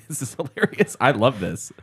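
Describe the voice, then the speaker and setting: A man's voice: medium pitch, sing-song, measured pace, breathy edge. A man co-hosting a podcast, chatting casually with wry comic asides. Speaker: podcast co-host. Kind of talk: casual chat.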